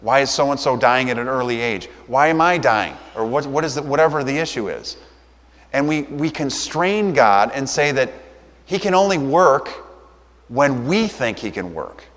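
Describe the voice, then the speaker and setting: A male pastor delivers a sermon in an easy, conversational manner, now and then slipping into short acted-out quotes. His voice sits in an ordinary middle pitch. It rings out with the long reverb of a church hall. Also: animated, normal speed, a bit bright.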